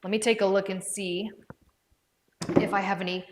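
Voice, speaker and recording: There's heavy background noise behind this woman's mid-range, level voice, which moves at a moderate pace. She's presenting products on a relaxed home livestream with her dog nearby, calling viewers by name, reading out their comments, and musing aloud as she looks up prices.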